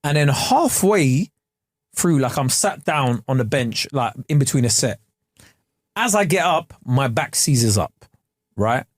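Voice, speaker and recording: A young man, co-hosting a podcast and telling a story in animated, slangy casual chat. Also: mid-range voice, unhurried, no echo, studio quality. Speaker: podcast co-host. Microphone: studio podcast mic.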